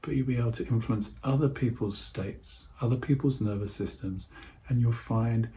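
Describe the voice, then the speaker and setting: A man giving an instructional talk on voice techniques, speaking in a calm, measured way and slowing his speech with deliberate pauses. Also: mid-range voice. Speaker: presenter teaching voice techniques to healthcare staff.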